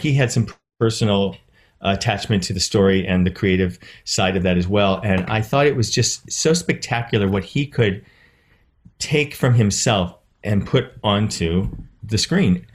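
A man's voice: fairly low pitch, moderate pace, slight background noise. A middle-aged man, an actor and producer, telling stories as an interview guest and acting out the people he quotes. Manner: animated, acts out quoted voices with laughs. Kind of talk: casual interview storytelling.

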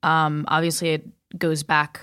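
A woman's voice: sits low, monotone, unhurried, a bit bright, clear, resonant tone. A woman co-hosting a podcast in casual chat, rambling, restarting sentences and laughing often. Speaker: podcast co-host.

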